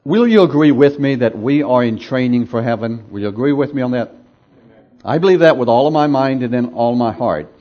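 A man's voice: medium pitch, animated, a little fast. Man, preacher, sermon, emphatic, repetitive phrasing, call-and-response, muffled sound. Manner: emphatic, repeats phrases for effect; asks the congregation for responses.

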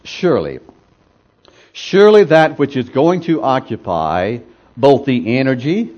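A man's voice: mid-range voice, a little mellow, dull audio. A man preaching a sermon, emphatic and repeating phrases for effect, asking the congregation to answer him. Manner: asks the congregation for responses.

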